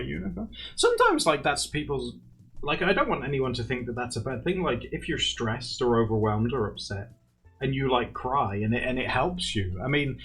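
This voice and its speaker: A young man of medium pitch and fairly bright tone runs an easygoing livestream. He laughs often while chatting with viewers and going through their comments, and faint music can be heard behind him.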